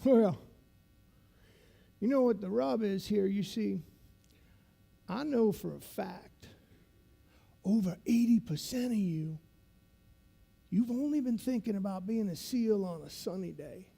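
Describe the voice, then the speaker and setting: A man voicing a grizzled older male Navy SEAL instructor with a gravelly voice, who talks in a slow, folksy drawl. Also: sits high, dark tone, full character voice. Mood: menacing, folksy.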